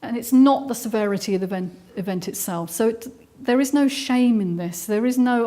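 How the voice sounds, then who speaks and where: A woman's voice: mid-range voice, moderate pace, a little mellow. Earnest English woman giving a live talk. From England. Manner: earnest and explanatory, with frequent ums and restarts. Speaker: speaker giving a talk on trauma. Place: hall with a live audience.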